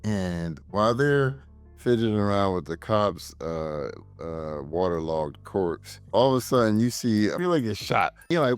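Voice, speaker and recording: A man's voice: lowish voice, lively intonation, unhurried, no room sound, faint music behind. A man co-hosting a casual film review, retelling scenes incredulously and swearing freely.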